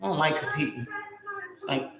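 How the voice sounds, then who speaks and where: A middle-aged woman with a hoarse voice talks a little fast as she bakes at home on a livestream, chatting with her viewers and exclaiming to herself while she works. The room is echoey, with music playing in the background.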